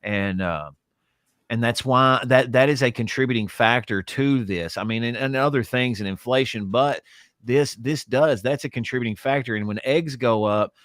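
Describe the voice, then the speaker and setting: A man's voice: mid-range voice, normal speed, fairly bright tone, dry recording. Southern male co-host, easygoing rambler, dry booth sound. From Kentucky. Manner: rambling, trying out accents. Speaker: podcast co-host. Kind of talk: casual chat.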